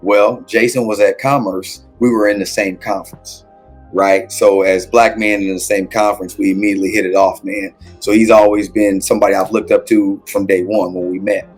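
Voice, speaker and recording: A man in his thirties, an assistant basketball coach, telling stories casually and acting out quotes with big jumps in pitch. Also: little pitch movement, moderate pace, breathy edge, faint music behind. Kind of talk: casual storytelling interview.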